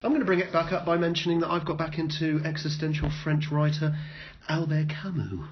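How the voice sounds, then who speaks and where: A man co-hosting a casual podcast chat, wry and dry, often breaking off and restarting sentences. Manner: wry, dry joking, talks in halting restarts. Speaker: podcast co-host. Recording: muffled low-fi sound with some noise.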